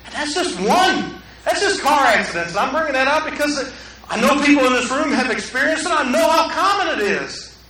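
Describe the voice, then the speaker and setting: Bright-voiced preacher in an echoey room. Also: male voice, very high-pitched, sing-song, brisk, recorded from a distance, a little hiss or hum. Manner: preaching with big swings from quiet to loud. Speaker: pastor. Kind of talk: sermon. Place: room with an audience.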